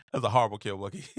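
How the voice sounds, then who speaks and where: A man's voice: on the low side, no room sound, clean studio sound. A man hosting his own show, giving opinionated casual commentary, repeating phrases for emphasis and acting out quotes. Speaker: podcast host.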